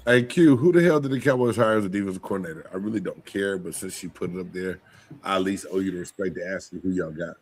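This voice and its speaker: Male co-host, lowish voice, joking and casual, says bro, loud outbursts. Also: quick pace, breathy edge. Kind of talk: casual sports debate.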